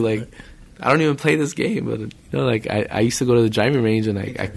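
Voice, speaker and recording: Chill guy with a gravelly voice, swears a lot, says bro every other line. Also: medium pitch, quick pace. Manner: laid-back, profane, says bro and dude a lot. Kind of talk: casual chat.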